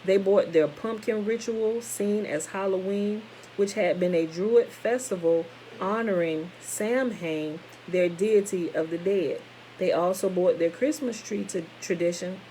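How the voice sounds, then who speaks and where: Reading steadily to her listeners, this woman pauses now and then for casual asides and fixes the words she trips over. Her mid-range voice is mellow, heard on a low-quality recording with a bit of background noise.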